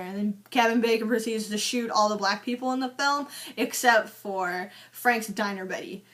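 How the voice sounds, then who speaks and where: A woman's voice: a little high, normal speed, hardly any pauses, fairly bright tone. A young woman recapping a film in a chatty, sarcastic way, peppered with "like" and swearing. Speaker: movie reviewer. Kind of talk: casual movie recap vlog.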